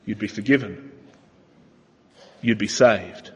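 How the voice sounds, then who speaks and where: Earnest preacher in an echoey hall. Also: male voice, fairly low pitch, highs cut off. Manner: earnest, emphatic, slows down on key points. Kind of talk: sermon. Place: church.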